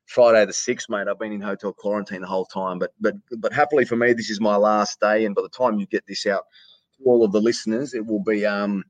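Australian man, low and matey. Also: fairly even intonation, quick pace, no echo. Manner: rambling, repeats words, says mate often. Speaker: stadium announcer, guest. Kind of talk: casual podcast conversation. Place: hotel quarantine room.

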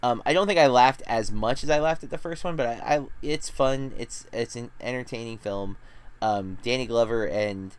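A man talking casually as a movie review host, his pitch sitting in an ordinary middle range. He rambles along easily, stacking "like" and false starts as he goes from one film to the next. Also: moderate pace, clear, resonant tone. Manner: rambling, chatty, full of "like" and restarts. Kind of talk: casual chat.

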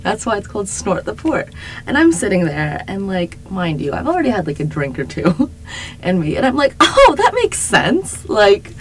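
A young woman co-hosting a podcast, telling a lively story in casual chat with lots of fillers and laughter. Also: mid-range voice, brisk, a little hiss or hum, poor audio. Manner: animated, laughing, many fillers. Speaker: podcast co-host.

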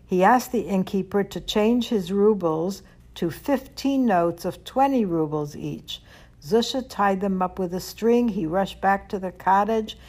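A woman reading a children's story aloud, gentle and expressive. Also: medium pitch, unhurried.

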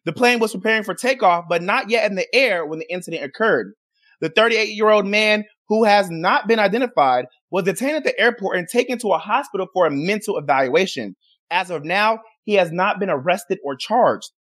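A man's voice: sits high, lively intonation, brisk, a bit bright. A young man hosting his own show, talking casually about a news story and rambling with restarts. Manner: chatty, rambling, restarts sentences. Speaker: show host.

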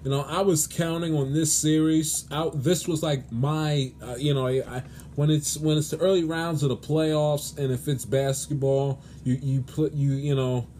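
A man's voice: on the high side, steady tone, normal speed, dark tone, a little hiss or hum. A man hosting his own sports show, ranting in a pleading, exasperated way with lots of restarts and stammers. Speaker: sports podcast host. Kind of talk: solo sports commentary rant.

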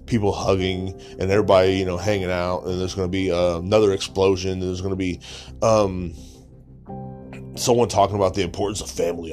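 A man's voice: sits low, little pitch movement, brisk, a little mellow, faint music behind. A young man hosting a podcast, ranting in a crude, sarcastic, mocking way and swearing constantly. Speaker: podcast host. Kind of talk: profane comedic rant.

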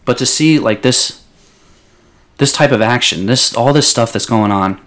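A man's voice: mid-range voice, a little slow, a bit bright. A young man in casual sports talk as a podcast co-host, passionate and blunt, swearing freely.

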